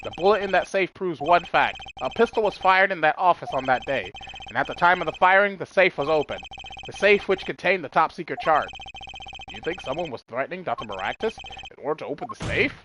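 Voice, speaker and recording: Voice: mid-range voice, animated, brisk, background noise, natural voice. A player doing an earnest young defense lawyer. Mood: accusing. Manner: forceful, pointed accusations.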